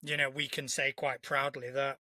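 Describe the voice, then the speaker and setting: A man's voice: medium pitch, flat delivery, moderate pace, pushed and bright, dry recording. A man co-hosting a casual live-streamed podcast, earnest and reflective, often restarting with "you know". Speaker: podcast co-host.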